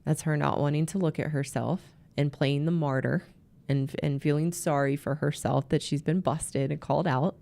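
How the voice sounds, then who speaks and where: A woman's voice: deep voice, fairly even intonation, moderate pace, creaky, mellow. A woman hosting a marriage coaching show, talking earnestly in a teaching monologue and often restarting her words.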